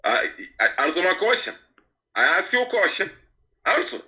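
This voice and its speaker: A male caller with a piercingly bright, high voice that swoops all over as he argues. He is taunting and argumentative, pushing back at the host. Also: sing-song, moderate pace. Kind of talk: heated call-in argument.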